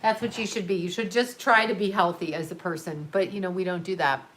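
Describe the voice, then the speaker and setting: A woman's voice: on the low side, fairly even intonation, fairly quick, a bit bright, slight background noise. A woman hosting a livestream, chatting casually and rambling, laughing often as she answers viewers. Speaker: livestream host reading chat. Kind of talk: casual chat.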